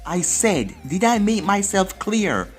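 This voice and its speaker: A man's voice: high voice, sing-song, slow pace, pitched above the performer's own voice, heavily acted. A man voicing a brash, loyal young male ninja leader who talks in an earnest, commanding way, over faint music. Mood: stern.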